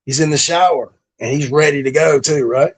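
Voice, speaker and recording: A man's voice: on the high side, fairly quick, husky. A middle-aged man, a former pro wrestler, telling stories from his career in a laid-back, profane way, with lots of fillers. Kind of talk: casual storytelling interview.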